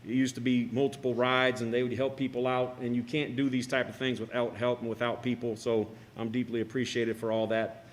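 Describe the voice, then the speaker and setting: Middle-aged man, halting and emotional, everyday mid-pitch voice. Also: level tone. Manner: halting, choked up. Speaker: parent giving a speech. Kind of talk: emotional tribute speech. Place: school cafeteria.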